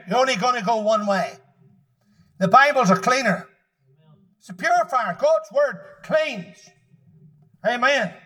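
Very high-voiced, fervent preacher man. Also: low-quality recording. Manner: fervent, emphatic preaching that rises to shouts. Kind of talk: sermon.

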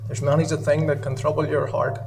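Earnest man preaching with a flat voice. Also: on the high side, fairly quick, creaky, far from the mic, slight background noise, low-quality recording. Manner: earnest, emotional, repeats phrases. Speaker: lay preacher. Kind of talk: sermon. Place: church service.

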